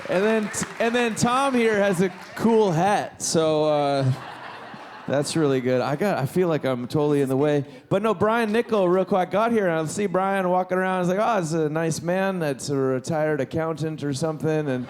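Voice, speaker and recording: A man hosts a live concert from the stage, his voice pitched a little high as he rambles through thanks and announcements. He keeps restarting his sentences and sounds loose and unscripted. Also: moderate pace. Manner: rambling, self-interrupting, enthusiastic. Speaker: event host. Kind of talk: casual stage emcee talk.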